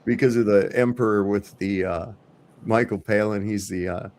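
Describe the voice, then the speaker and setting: Profane, animated male stream host. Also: fairly low pitch, moderate pace. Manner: crude, profane, animated storytelling. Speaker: livestream host. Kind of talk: casual chat. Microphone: video call.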